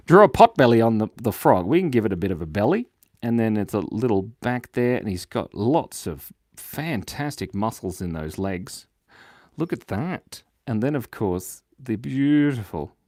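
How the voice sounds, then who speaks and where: A man's voice: medium pitch, no echo, clean studio sound. A man hosting a live children's drawing lesson, playful and jokey, reading viewers' chat aloud as he draws. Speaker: drawing show host.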